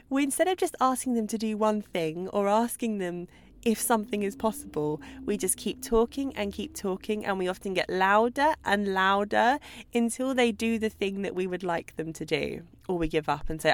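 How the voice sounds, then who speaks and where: A woman hosting a solo podcast as a dog trainer, talking in a chatty, lively way and acting out examples. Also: medium pitch, normal speed, no room sound. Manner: chatty, animated, acts out babbling owner voices.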